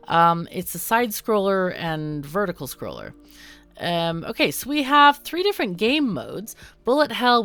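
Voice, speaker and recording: A woman's voice: fairly low pitch, fairly bright tone. A woman hosting a casual let's-play, chatting through the game with lots of ums and self-corrections. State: hiccuping. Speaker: gaming channel host.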